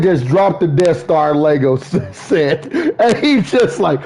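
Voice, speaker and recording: A gaming streamer chats loosely with his audience. His voice sits a little high and he talks at a slow, drawn-out pace. He gets worked up, swears a lot and breaks into laughter. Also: slight background noise. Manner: excitable and profane, laughs often. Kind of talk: casual livestream chat.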